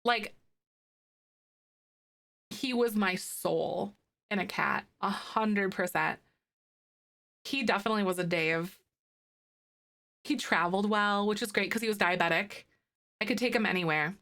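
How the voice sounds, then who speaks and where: A woman's voice: medium pitch, unhurried, long pauses. A young woman, chatting casually on a live stream and reading viewer comments, gushing and cooing over pet photos. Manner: gushing, excitable, coos over pets.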